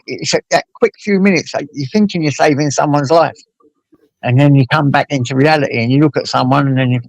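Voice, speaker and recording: A man hosting a casual chat, talking bluntly with plenty of swearing and lively storytelling. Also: fairly high pitch, fast talker, vocal fry, no room sound, rough recording. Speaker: host.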